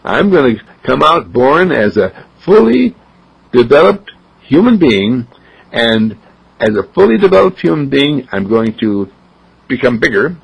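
A man's voice: medium pitch, a little slow, gravelly, breathy edge, pitched above the performer's own voice, full character voice. A man voicing a wise newborn baby boy. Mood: reflective. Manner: calm, reflective, confiding. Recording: dull lo-fi recording.

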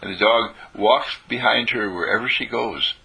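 Gravelly, raspy man telling gentle stories. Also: fairly low pitch, normal speed. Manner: storytelling, repeats phrases for emphasis, clears throat often. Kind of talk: informal spiritual talk.

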